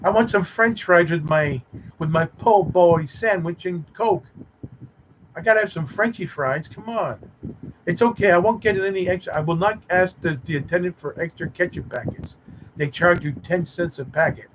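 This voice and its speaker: A man's voice: high-pitched, moderate pace, a little hiss or hum, poor audio. A man hosting a live stream, chatting with viewers in a teasing, mock-romantic way. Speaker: livestream host reading chat. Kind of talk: rambling playful live chat.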